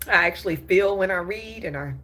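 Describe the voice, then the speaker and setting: A woman hosts a news and gossip show, her voice husky and pitched at an ordinary middle. She talks with raw, upset emotion, apologizing and restarting her sentences as she comments on the news. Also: fairly quick, sharp tone.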